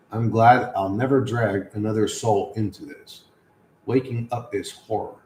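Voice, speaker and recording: A man's voice: fairly low pitch, slow, pauses often, a little mellow, roomy sound, a little hiss or hum, poor audio. Sardonic man rambling on a livestream. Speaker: livestream host reading chat. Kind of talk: casual livestream chat.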